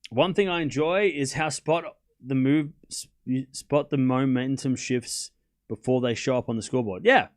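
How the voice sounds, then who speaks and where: A man's voice: medium pitch, normal speed. Chatty man calling tennis live. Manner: casual, chatty, answers chat questions between points. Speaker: host. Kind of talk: live tennis watchalong commentary.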